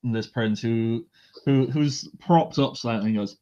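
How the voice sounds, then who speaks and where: A man's voice: mid-range voice, a little slow, dark tone. A man running a tabletop game as dungeon master, talking in a hesitant, self-deprecating way with many fillers. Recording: dull lo-fi recording.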